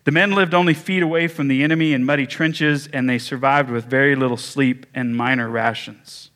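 A man pastor preaching a sermon, telling a story with measured pauses and small restarts. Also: medium pitch, fairly even intonation, fairly bright tone.

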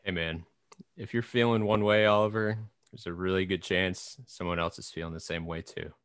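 A man's voice: low-pitched, fairly even intonation, normal speed, a bit bright, clear, resonant tone, no echo, clean studio sound. A man hosting a casual interview, talking in an encouraging, motivational way. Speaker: podcast host.

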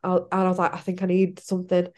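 A young woman tells a personal story in a relaxed interview. Her voice sits a little low, and she talks in a chatty way, laughing often. She acts out what she and others said at the time. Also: racing. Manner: chatty, laughing often, acting out her own past lines. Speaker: podcast guest.

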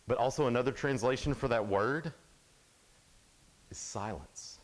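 A young adult man giving a casual, animated sermon at a youth camp, sometimes dropping to a hush. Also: medium pitch, a little slow. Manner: casual, animated storytelling, drops to hushed tones.

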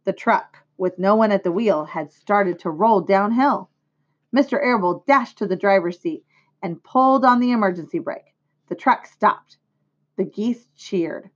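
Female teacher narrating a storybook, measured read-aloud, muffled lo-fi recording. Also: medium pitch. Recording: dull lo-fi recording.

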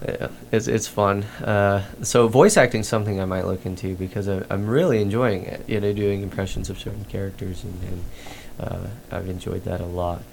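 A man's voice: low-pitched, steady tone, normal speed, gravelly, few pauses, a little mellow, slight background noise. A man hosting a podcast in casual chat, rambling with lots of fillers and restarts. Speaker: podcast host.

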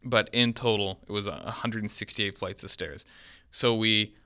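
Young man, casual storyteller, bright and forceful tone, lower-pitched. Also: normal speed, clean tone. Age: 20s. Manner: rambling, animated storyteller with quoted voices.

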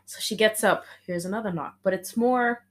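A woman's voice: medium pitch, normal speed, over loud music. A young woman chatting casually and animatedly, swearing freely while building a silly story with a friend.

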